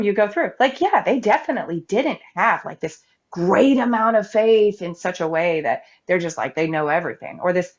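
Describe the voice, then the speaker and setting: Woman debater, lively storyteller, slightly muffled stream audio. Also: mid-range voice. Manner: animated storytelling, acting out quoted voices. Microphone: live-stream mic.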